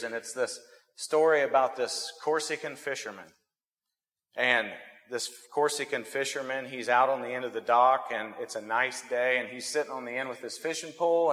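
A man preaching to his congregation in a relaxed, folksy sermon voice. His speech has a middle pitch and a conversational tone, and he often repeats words as he gathers his thoughts. Long reverb from the church sanctuary trails each phrase. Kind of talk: sermon with storytelling.

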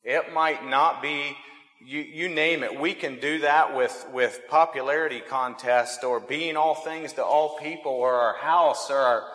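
A man's voice: a little high, a little slow, a bit bright. A man preaching a sermon in a folksy, conversational way, telling stories and often repeating words as he thinks. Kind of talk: sermon with storytelling. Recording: long hall reverb.

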